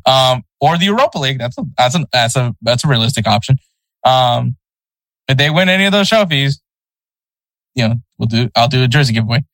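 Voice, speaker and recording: A man co-hosting a casual soccer podcast, relaxed and easygoing, chuckling over tricky team names. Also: medium pitch, brisk, no echo, rough recording. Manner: laid-back, chuckles over name pronunciations. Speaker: podcast co-host.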